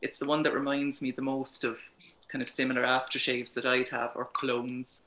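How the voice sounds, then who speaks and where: A man's voice: mid-range voice, flat delivery, a little fast, pushed and bright. A man co-hosting a podcast, chatting casually with frequent laughs and fillers. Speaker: podcast co-host. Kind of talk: casual chat. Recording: roomy echo.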